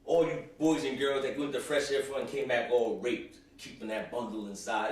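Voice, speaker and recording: Young guy ranting for laughs, keeps saying you know, sounds far off from the mic in a boomy room. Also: fairly even intonation, moderate pace, hardly any pauses, very echoey. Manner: rambling, full of "you know", repeats himself. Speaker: host. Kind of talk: comic rant to camera.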